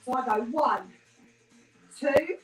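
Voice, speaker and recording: A woman runs a home workout, upbeat and encouraging as she counts reps, a little out of breath. Her voice sits high and bright. It is picked up from across a small, echoey room with faint music behind her. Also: animated, slow pace. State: slightly out of breath. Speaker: fitness instructor. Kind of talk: live home workout coaching. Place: small room in a terraced house. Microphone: no microphone, camera mic from across the room. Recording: roomy, distant, with workout music.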